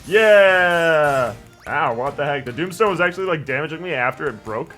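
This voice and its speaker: Young male let's-player, slightly high voice, rambling and jokey, faint game music behind. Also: expressive, fast talker, bright, forceful tone. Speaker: gaming channel host. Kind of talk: let's play commentary, reading dialogue aloud.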